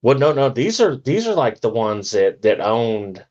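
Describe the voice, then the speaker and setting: A man from Arkansas co-hosting a casual podcast, talking in halting restarts. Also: medium pitch, sing-song, a little mellow, dull audio. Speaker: podcast co-host. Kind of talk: casual chat.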